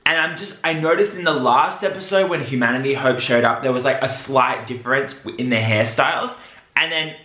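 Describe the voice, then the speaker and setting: A man hosting a reaction video, talking casually and excitedly, breaking into high shrieks. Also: brisk. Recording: roomy echo with faint music.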